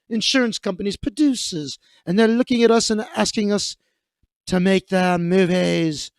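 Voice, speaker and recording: A man voicing a furious male movie star in a British accent, yelling profane threats at a film crew. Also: high voice, smooth, dry recording, pitched above the performer's own voice.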